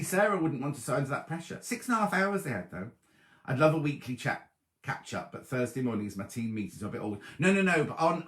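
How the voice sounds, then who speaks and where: A middle-aged man hosting a casual live stream, reading out viewers' messages and greeting them by name. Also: a little high. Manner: chatty, reads viewer messages aloud, warm greetings. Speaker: host of a live sewing chat stream. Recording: roomy echoey live stream.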